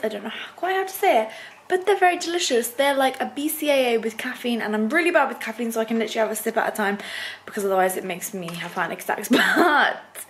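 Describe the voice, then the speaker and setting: A woman's voice: a little high, animated, brisk, slight background noise. A young woman chatting casually to camera at home in her kitchen, playful and talkative while she eats. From England. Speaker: vlogger. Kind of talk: casual vlog chat to camera.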